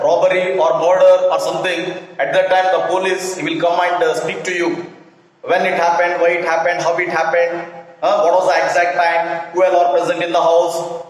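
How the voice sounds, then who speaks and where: Male teacher, high voice, boomy long reverb, drills definitions and keeps asking "okay?". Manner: repeats definitions, checks in with frequent "okay?". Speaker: English teacher. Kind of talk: classroom grammar lesson. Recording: echoey room with long reverb.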